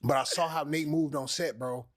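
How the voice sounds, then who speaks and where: A man, an actor, telling stories casually in a podcast interview, animated and slangy, acting out what people said. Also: a little high, normal speed. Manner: animated, slangy, acts out quotes. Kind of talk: casual storytelling.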